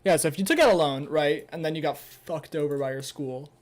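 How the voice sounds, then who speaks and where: A young man talking on a casual livestream, stumbling through an article he reads aloud and breaking off into sarcastic, swearing asides. His voice sits a bit higher than most men's, and his talk is loose and rambling. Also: brisk. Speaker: streamer.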